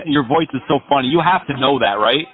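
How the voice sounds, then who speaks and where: A man making a prank phone call, mocking the person on the line with rambling, absurd pitches. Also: moderate pace, slightly rough. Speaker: scam-baiting prank caller.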